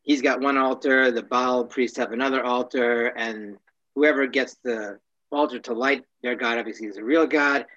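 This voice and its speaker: A man teaching a casual class, wry and joking, often clearing his throat. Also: mid-range voice, pushed and bright, muffled recording.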